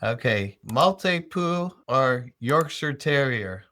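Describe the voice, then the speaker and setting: A man's voice: medium pitch, animated, takes it slowly, pushed and bright. A man hosting a podcast, asking his guest questions in an easygoing way. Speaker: podcast host. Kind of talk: casual interview.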